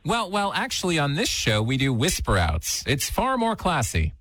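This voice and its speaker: A man hosts a rock radio show and teases a caller with playful banter. His voice runs a little high and swings up and down a lot. Faint noise sits behind it. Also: wildly swooping pitch, normal speed, a bit bright. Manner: playful, teasing. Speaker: radio host.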